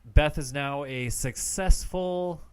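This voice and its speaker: A man co-hosting a podcast, chatting casually about a film and filling in plot details in an unhurried way. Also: on the high side, clear, resonant tone, dry recording. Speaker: podcast co-host. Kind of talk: casual movie-review chat.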